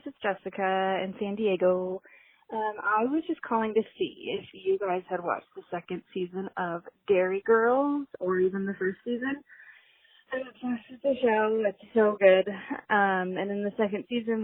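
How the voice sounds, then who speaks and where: A woman's voice: medium pitch, dry recording. Bubbly woman on a phone voicemail. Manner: bubbly, enthusiastic. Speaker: caller. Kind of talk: voicemail message. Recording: tinny phone line.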